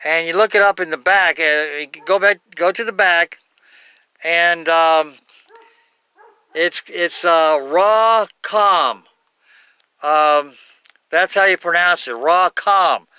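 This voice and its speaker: A man giving an unscripted Bible talk, halting, with many fillers and self-corrections. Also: fairly high pitch, fairly even intonation, bright, forceful tone, clean tone, no room sound. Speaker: Bible teacher.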